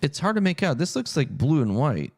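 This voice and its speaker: A man's voice: fairly high pitch, very animated, brisk, a little mellow. A man chatting casually on a live stream, thinking aloud and answering viewers' chat as he goes. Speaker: streamer and game master.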